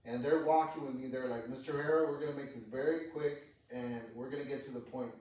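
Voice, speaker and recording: Talking fast in a mid-range voice, a man casually shares a personal story on a podcast, dropping lots of curse words and acting out who said what. It's recorded in an echoey room on a distant mic.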